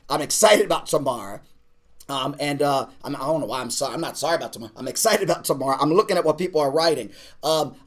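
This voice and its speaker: A man, a pastor, talking casually to an online class, urging and repeating himself as he builds energy. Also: high voice. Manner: repetitive, exhorting, building to shouts; casual, uses "man" and "y'all". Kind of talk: energetic preaching pitch to an online audience.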